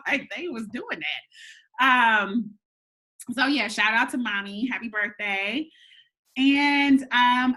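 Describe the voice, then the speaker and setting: A woman hosting a casual live stream, talking in a chatty way with lots of "um"s and giving shout-outs, with a slightly nasal voice. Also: mid-range voice. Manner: chatty, warm shout-outs with frequent laughs and "um"s. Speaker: host. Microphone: webcam or phone mic for a live stream.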